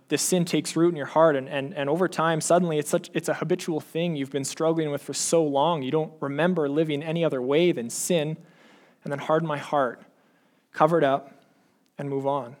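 Male preacher, slightly high voice, earnest sermon delivery with slow scripture reading. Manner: earnest, pleading questions to the congregation; slows down to read scripture aloud.

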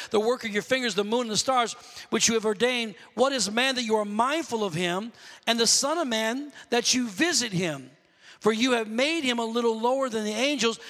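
A pastor preaches with fervor, his voice striking for a man in how high it sits. His tone is bright and forceful, often climbing into shouts. It rings out with the long reverb of a large hall. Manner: impassioned preaching, rising to shouts. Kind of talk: sermon.

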